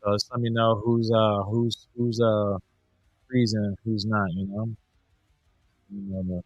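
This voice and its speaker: A man's voice: fairly low pitch, flat delivery, measured pace, long pauses, no echo, soft background music. A man co-hosting a podcast over a video call, talking loosely and joking with plenty of swearing. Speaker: podcast co-host. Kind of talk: casual chat.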